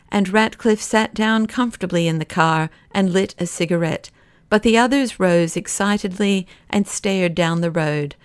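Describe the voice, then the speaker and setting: A woman narrating a classic novel as an audiobook, in a steady, expressive way. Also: medium pitch, moderate pace, clean tone, dry recording. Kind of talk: scripted narration.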